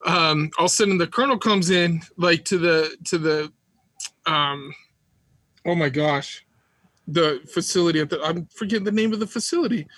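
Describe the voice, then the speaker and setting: A man telling war stories as a podcast guest, animated, laughing often and acting out quotes. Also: on the high side, normal speed, husky, no echo. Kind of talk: casual storytelling.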